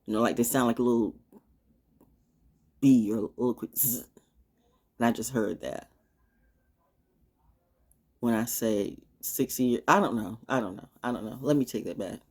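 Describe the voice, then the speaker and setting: A woman's voice: rumbling low, normal speed, long pauses, a little mellow, breathy edge. A middle-aged woman hosting a talk show, rambling in a casual monologue, laughing often.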